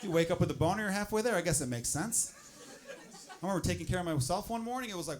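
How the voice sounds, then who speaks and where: A man performing a stand-up comedy set on stage, animated and swinging into loud exasperated bits. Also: high-pitched, brisk, long pauses, soft background music. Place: comedy club stage with audience laughter. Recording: noisy live club recording.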